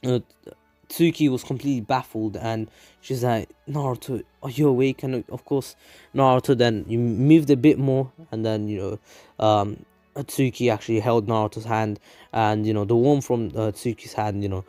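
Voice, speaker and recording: A man's voice: medium pitch, steady tone, normal speed, dark tone, no room sound, soft background music. A man casually narrating a fan story, rambling with many fillers and restarts.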